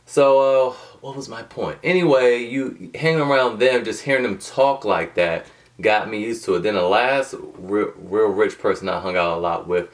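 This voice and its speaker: A man with a fairly low voice talks to camera in a loose, rambling way, full of slang, restarts and side tangents. He sits back from the microphone, so the sound is a little distant. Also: moderate pace. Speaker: motivational video host. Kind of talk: casual talking-to-camera monologue.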